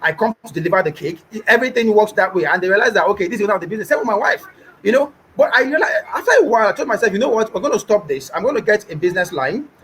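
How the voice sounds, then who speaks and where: Young Nigerian businessman, Nigerian accent, emphatic and repetitive, high-pitched voice, faint hiss behind. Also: expressive, racing, fairly bright tone, rough recording. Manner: emphatic, repeats points, mimics callers. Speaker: business owner guest. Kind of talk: animated interview talk.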